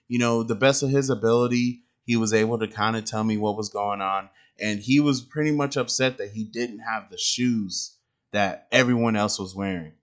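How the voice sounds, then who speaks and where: A man's voice: mid-range voice, normal speed. A young adult man telling a personal parenting story in a casual monologue, rambling and slangy, with lots of fillers and restarts. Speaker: father podcaster.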